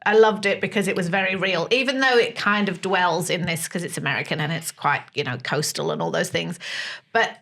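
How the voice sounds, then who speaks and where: A woman's voice: on the low side, brisk, creaky. Chatty woman in her forties. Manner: chatty and animated, laughing often. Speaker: podcast co-host. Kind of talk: casual chat.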